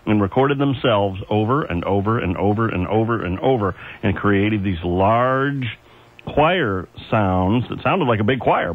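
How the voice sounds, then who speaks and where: A man's voice: medium pitch, slightly rough. A man working as an overnight radio DJ, chatting in a folksy way with chuckles and asides between oldies. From Ohio. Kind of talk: casual on-air oldies patter. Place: radio studio. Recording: tinny AM radio aircheck with faint music.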